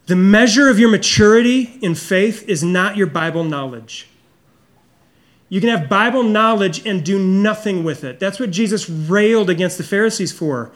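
Middle-aged male pastor with a high-pitched voice, preaching earnestly and personally. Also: animated, moderate pace. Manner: earnest, confessional, drops low and soft for emphasis. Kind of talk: sermon.

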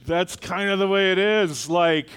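A man's voice: sits high, unhurried, fairly bright tone, clean tone. A middle-aged man preaching a sermon in a church auditorium, in a conversational way that keeps asking the congregation questions. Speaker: pastor.

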